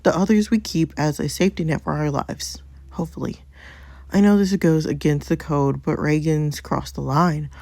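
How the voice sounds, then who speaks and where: A woman's voice: deep voice, fairly even intonation, normal speed, gravelly, darkish tone, no room sound. A woman voicing a scheming, protective young married man while reading a story game aloud, with little change to her own voice. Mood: determined.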